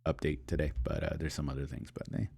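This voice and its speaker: A man's voice: a bass voice, little pitch movement, quick pace, creaky, darkish tone, slightly rough. A man co-hosting a gaming podcast, chatting casually and rambling with lots of fillers and restarts. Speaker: podcast co-host. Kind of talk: casual chat.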